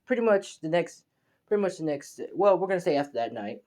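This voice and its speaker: A man's voice: on the high side, animated, a little fast, darkish tone. Young man rambling through a fan story. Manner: rambling, slangy, many fillers and restarts. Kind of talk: casual fan-story narration.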